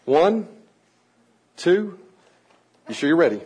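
A man teaching a room of adults how to work with children, energetic and playful, coaxing the audience to join in. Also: fairly high pitch, takes it slowly, very noisy. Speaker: children's ministry trainer. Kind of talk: lively teaching talk to an audience.

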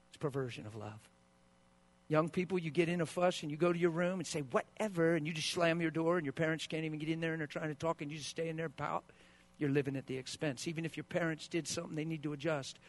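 A man pastor preaching a sermon, swinging between hushed asides and loud bursts and acting out the quoted voices of spouses. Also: on the high side.

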